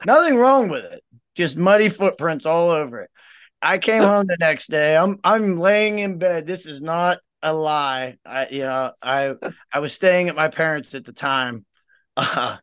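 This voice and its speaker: Higher-voiced man telling stories, bone-dry sound. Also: unhurried, clean tone, no echo. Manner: laughing storyteller, lively impressions of his dad. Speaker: podcast co-host; tournament organizer. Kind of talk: casual chat.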